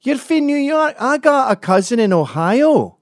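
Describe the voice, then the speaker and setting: A man's voice: big pitch swings, a little slow, heavily acted. Man doing a nosy chatty Glaswegian. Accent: Scottish. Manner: high-pitched, eager questioning.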